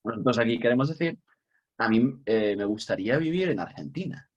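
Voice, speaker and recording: A man's voice: medium pitch, animated, fast talker, lo-fi sound. A man teaching an online English class, chatty and upbeat, chuckling often and leaning on key words. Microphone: computer mic on a video call.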